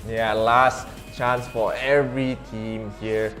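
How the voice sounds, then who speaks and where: A man casting an esports match live, giving steady, analytical play-by-play. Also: fairly low pitch, slow pace, faint music behind. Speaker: esports caster. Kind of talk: live game commentary.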